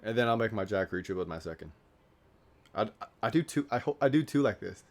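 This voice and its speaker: Low-voiced young man rambling, self-mocking. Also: expressive, brisk. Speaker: YouTuber. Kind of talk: casual vlog monologue.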